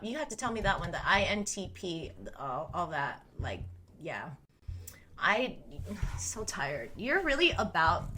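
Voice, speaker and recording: A woman's voice: fairly low pitch, fairly bright tone, slight background noise. A woman in her thirties chatting casually on a live stream, rambling and oversharing, full of "like" fillers and the odd swear.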